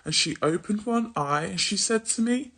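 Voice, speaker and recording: A woman's voice: mid-range voice, lively intonation, normal speed, fairly bright tone, breathy edge. A woman reading a rhyming children's poem aloud in a rhythmic, sing-song storytelling way. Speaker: masked reader at a school.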